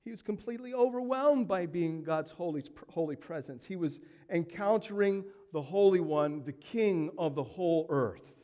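A man preaching a sermon with emphatic delivery, dropping to hushed tones and building to loud peaks. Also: sits high, expressive, moderate pace, hardly any pauses, long reverb tail.

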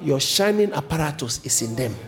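A man preaching a sermon as a pastor, switching between low explanations and sudden high emphatic lines. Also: a little fast, crowd noise. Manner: animated preaching, jumping to high emphatic pitch.

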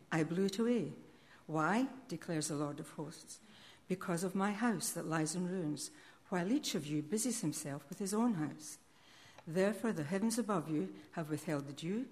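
Woman reading scripture, low voice. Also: a little mellow. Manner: measured, solemn reading. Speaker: scripture reader.

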